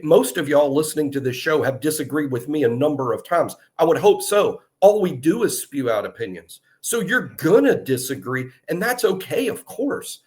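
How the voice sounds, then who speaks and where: A man co-hosting a college football podcast in easygoing, agreeable chat. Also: fairly high pitch. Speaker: sports podcast co-host. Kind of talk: casual sports chat.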